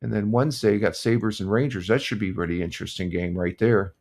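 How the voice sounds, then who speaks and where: A man's voice: on the low side, quick pace, vocal fry. Older guy on a morning stream, easygoing, lots of ums and uhs, reading scores and chat. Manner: relaxed, rambling, many fillers and restarts. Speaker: live stream host. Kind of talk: casual morning chat reading sports scores and viewer comments.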